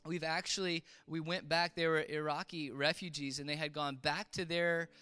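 A man's voice: a little high, level tone, bright, forceful tone, smooth, faint music behind. Man telling a story in an echoing hall. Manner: halting, many restarts and fillers. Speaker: preacher. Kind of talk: sermon storytelling. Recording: long reverb of a large hall.

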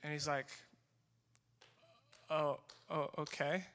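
Young male speaker, bright tone, lively story talk acting out each exchange. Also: fairly high pitch, slow pace, slight background noise. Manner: animated storytelling with acted-out dialogue. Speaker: speaker sharing a mission trip story. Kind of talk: testimony talk to a group.

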